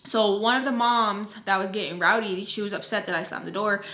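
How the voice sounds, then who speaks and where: Animated young woman telling a storytime in an echoey room. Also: medium pitch, fairly quick. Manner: animated, profane, acts out quotes. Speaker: beauty vlogger telling a story. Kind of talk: casual storytime chat.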